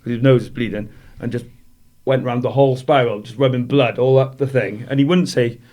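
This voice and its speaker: His mid-range voice has a steady, darkish tone and a brisk pace. He's a Welsh ex-boxer laughing through rambling stories as a guest, chatting casually in a podcast interview.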